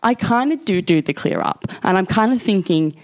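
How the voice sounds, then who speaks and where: A young woman, co-hosting a podcast and telling a long story in animated, casual chat, with lots of swearing and laughing. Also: medium pitch, normal speed. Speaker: podcast co-host.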